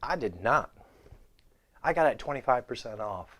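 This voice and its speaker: A man's voice: mid-range voice, lively intonation, normal speed, heavy background noise. A man hosting a guitar gear vlog, talking to camera on his home set in jokey, irreverent, off-the-cuff banter. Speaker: guitar gear channel host. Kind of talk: casual vlog talk to camera.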